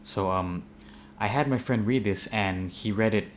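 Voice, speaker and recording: A man with a fairly low voice and an American accent teaches pronunciation in an easygoing, unscripted way, often circling back on his words. Faint ambience hangs in the background. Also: a little slow, hardly any pauses, slight background noise. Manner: relaxed, many fillers and repeated words. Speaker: English teacher. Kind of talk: casual spoken English lesson.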